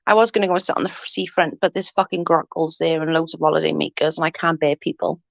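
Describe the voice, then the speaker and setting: A woman's voice: low-pitched, fairly even intonation, fast, creaky, no room sound. A woman in her forties chatting casually with viewers on a livestream, laughing often and swearing freely as she rambles. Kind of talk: casual live chat. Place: at home. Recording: dull, dry lo-fi sound.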